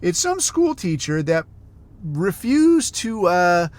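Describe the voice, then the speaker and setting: An American podcast host rants in a heated, profane, sarcastic way. His voice is high and very animated, though he takes it slowly.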